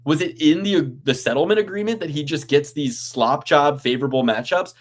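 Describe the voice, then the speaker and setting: A man's voice: a little high, fairly quick. A man co-hosting a casual sports betting podcast, ranting with profanity and sarcastic exasperation. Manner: sarcastic, mocking. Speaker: podcast co-host.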